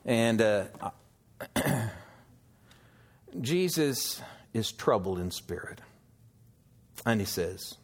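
A man preaching an expository sermon, teaching slowly through scripture and asking the listeners questions. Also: on the low side, animated. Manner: slow, measured teaching with scripture quotes; emphatic, questioning delivery.

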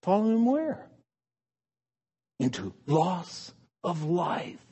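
A man preaching a sermon, swinging between hushed, drawn-out phrases and sudden emphatic bursts. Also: sits high, big pitch swings, husky.

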